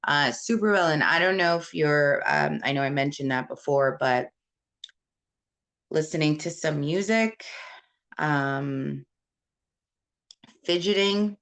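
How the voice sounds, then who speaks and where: A woman's voice: deep voice, expressive, slow pace, pauses often, a bit bright. A woman from Puerto Rico hosting a casual live stream, answering viewer comments in a rambling, candid way with many fillers. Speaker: host.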